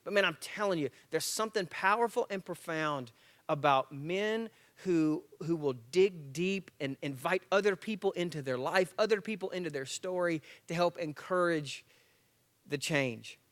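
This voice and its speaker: A man's voice: a little high, normal speed. A man in his forties giving a motivational talk as a guest speaker at a church men's breakfast, telling stories, acting out dialogue and joking at his own expense. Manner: lively storyteller acting out dialogue; jokey, self-mocking.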